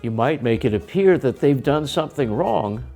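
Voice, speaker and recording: Lively American man teaching English. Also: mid-range voice, normal speed, vocal fry, faint music behind. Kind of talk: scripted lesson with acted skits.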